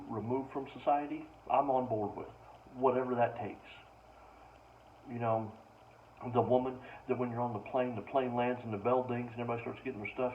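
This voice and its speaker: A young man rants in exasperated disbelief, spinning casual comic stories. His voice sits at an ordinary middle pitch. The recording is distant and muffled, with a faint ambient hiss behind him. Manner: exasperated, ranting. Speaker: stand-up comedian. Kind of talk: casual comedic storytelling. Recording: distant mic, dull lo-fi sound, faint ambient noise.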